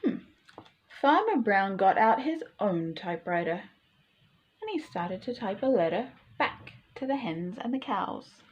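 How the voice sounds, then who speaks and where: A woman reading a picture book aloud to children, pausing to ask the listener questions. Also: medium pitch, dull audio. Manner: slow, animated, asks the listener questions. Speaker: storytime reader.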